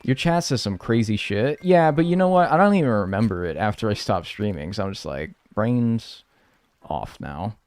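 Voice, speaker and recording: A man's voice: fairly low pitch, moderate pace. A young man chatting casually and rambling on a live gameplay stream, swearing freely as he talks. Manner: animated, chatty, swears a lot.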